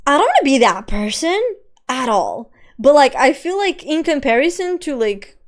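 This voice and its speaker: Chatty young woman, Portuguese accent. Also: on the high side. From Portugal, Lisbon. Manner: chatty, laughs often, swears casually. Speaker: streamer. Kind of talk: casual live-stream chat.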